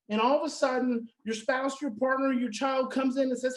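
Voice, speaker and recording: A woman with a high, bright-pitched voice teaches a conference audience about parenting. She hammers home her points by repeating phrases, and slips into short acted-out reactions to make them vivid. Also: steady tone, normal speed, hardly any pauses, poor audio. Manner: emphatic, repeats key phrases, acts out quoted reactions. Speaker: conference speaker on adoption parenting.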